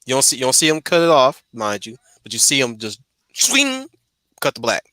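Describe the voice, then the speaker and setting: A man's voice: mid-range voice, wildly swooping pitch, normal speed, bright, forceful tone, no room sound. A man hosting a casual stream discussion, talking in stumbling restarts and repeated words. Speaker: host.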